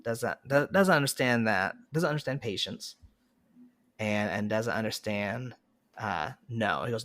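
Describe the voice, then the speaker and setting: A young adult man appearing as a podcast guest, sharing animated, joking anecdotes in casual chat. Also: on the low side, measured pace.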